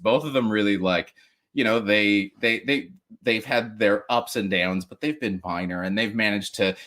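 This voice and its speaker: Speaking with a lowish, fairly bright voice, a man rambles casually as a guest on a podcast. He restarts often and laughs a lot. He performs other people's words in mocking impressions.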